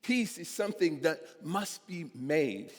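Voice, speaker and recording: High-voiced preacher in a reverberant church. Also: male voice, animated, takes it slowly. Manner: conversational storytelling with casual fillers. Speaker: guest preacher. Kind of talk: sermon. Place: church sanctuary.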